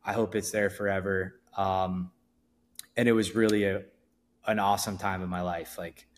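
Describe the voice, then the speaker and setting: A man with a fairly low voice talks loosely on a podcast. He rambles, restarts his sentences and leans on fillers, easygoing throughout. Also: level tone, normal speed, slight background noise. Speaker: event promoter guest. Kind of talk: casual podcast interview.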